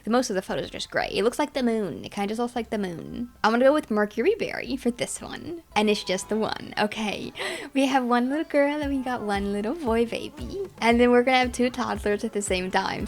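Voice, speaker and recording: A young woman giving chatty, excitable commentary while playing a life-simulation game, often talking to her characters. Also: on the high side. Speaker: gaming channel host. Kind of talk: casual gameplay commentary.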